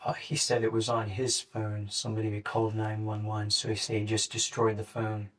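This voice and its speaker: A young man in his late teens gives a police interrogation statement in a flat, matter-of-fact way, halting with fillers. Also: on the low side. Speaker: murder suspect being interrogated. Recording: distant mic in an interrogation room.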